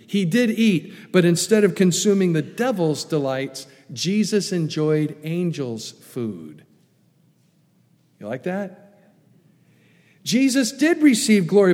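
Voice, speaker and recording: A man preaching a sermon, lively and animated, acting out the tempter's coaxing lines with rising emphasis. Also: fairly high pitch, long reverb tail. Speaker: pastor.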